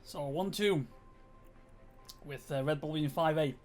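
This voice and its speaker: A man talks through his racing management game in a casual, slightly high voice, thinking aloud and often restarting his sentences. Faint game music runs behind him. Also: measured pace. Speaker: game streamer. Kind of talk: casual gameplay commentary.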